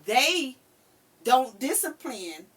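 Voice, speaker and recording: An older woman hosts a casual talk and tells her stories with animated energy, acting out the voices. Her voice sits fairly high and sounds bright. She is heard from a little away from the microphone. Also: drawn-out words, husky, far from the mic. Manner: animated storyteller who acts out quotes. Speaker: podcast host. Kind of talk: casual chat.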